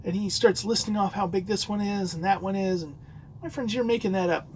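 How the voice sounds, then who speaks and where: A man's voice: high-pitched, fairly quick, a little hiss or hum, rough recording. A man hosting a solo podcast, telling a rambling story with many fillers and restarts. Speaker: podcast host. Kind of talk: casual solo podcast talk.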